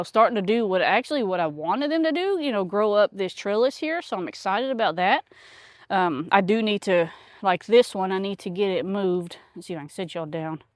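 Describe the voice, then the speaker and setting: A woman's voice: medium pitch, no room sound. Chatty woman vlogging in a garden. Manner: rambling, many fillers. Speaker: homesteader vlogger. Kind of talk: casual chat. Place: outdoors in a garden.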